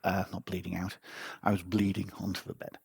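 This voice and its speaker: A man's voice: low-pitched, completely flat delivery, fairly quick, creaky, a little mellow, breathy edge, dry recording. A man hosting a podcast, telling a personal story in a casual, wry, self-mocking way. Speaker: podcast host.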